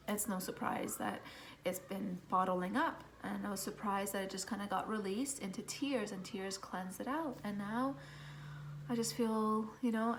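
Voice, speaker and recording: A woman and mother talking casually and thoughtfully to camera in a vlog, rambling gently with many "you know"s and "um"s. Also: mid-range voice, slight background noise. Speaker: vlogger, mother of young kids. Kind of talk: casual reflective talk to camera.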